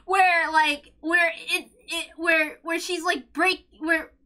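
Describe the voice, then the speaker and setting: Very high-pitched woman ranting emotionally. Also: fairly even intonation, slow. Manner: impassioned ranting, shouts and stammers. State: emotional, on the verge of tears. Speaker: host of a visual novel read-along. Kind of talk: emotional reaction commentary.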